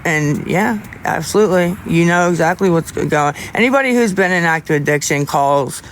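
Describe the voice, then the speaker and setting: A young man livestreaming, chatting casually with viewers in a rambling, halting way with many restarts. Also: on the high side, a bit bright, a little hiss or hum.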